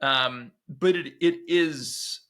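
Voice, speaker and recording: Halting, bright-voiced man. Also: medium pitch. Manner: halting, restarts phrases often. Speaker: guest, author. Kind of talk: casual interview chat.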